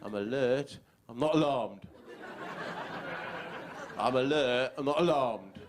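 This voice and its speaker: A male stand-up comedian, animated and wry, acting out voices in his routine. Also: medium pitch, slow pace, background noise.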